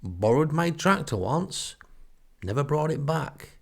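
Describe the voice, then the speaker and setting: A man putting on a deadpan country farmer. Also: a little high, slow pace, vocal fry, pitched above the performer's own voice, full character voice. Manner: deadpan, matter-of-fact. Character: deadpan rural male farmer, unflappable.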